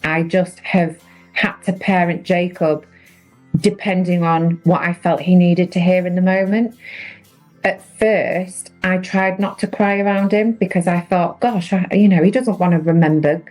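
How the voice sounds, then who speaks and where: A woman in her thirties speaks as a podcast guest, with a lowish voice and an earnest, reflective way of telling her story. It is a candid, unscripted conversation with faint music underneath. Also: mellow, rough recording.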